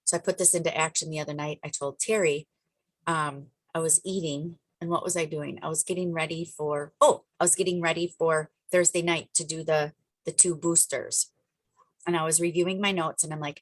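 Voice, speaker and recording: A woman coaching a group over a video call, talking with energy and emphasis and wandering into chatty asides. Her voice sits a little low for a woman. The sound is dry and close, with no room echo. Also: moderate pace, fairly bright tone. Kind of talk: motivational coaching talk.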